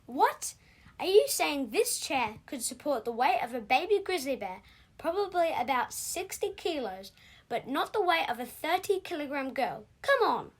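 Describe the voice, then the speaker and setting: A woman with a high voice and lively, animated pitch, questioning every detail of the story. She nitpicks in a skeptical, curious way, tossing out one objection after another. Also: normal speed. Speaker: skeptical listener.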